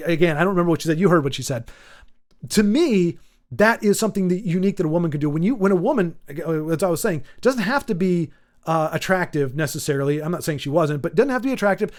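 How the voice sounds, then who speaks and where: A man with a high-pitched voice hosts his own channel and rants off the top of his head. He rambles, restarts his sentences and fills the gaps with ums. He sounds casual and unscripted. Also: animated, fast, darkish tone. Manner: rambling, full of restarts and fillers. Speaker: channel host. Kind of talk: off-the-cuff commentary rant.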